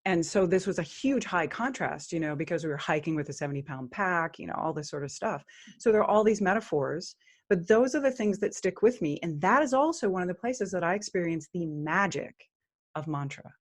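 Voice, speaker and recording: Earnest woman guest, lowish voice. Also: animated. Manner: earnest, chants mantras slowly. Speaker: podcast guest, astrologer. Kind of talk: spiritual interview talk.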